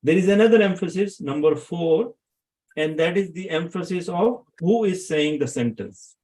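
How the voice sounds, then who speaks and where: A man teaching a grammar lesson to a room of students. His voice sits a little higher than most men's, and he keeps stopping to ask whether everyone follows. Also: expressive, normal speed, darkish tone, poor audio. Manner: checks in with students, asks questions.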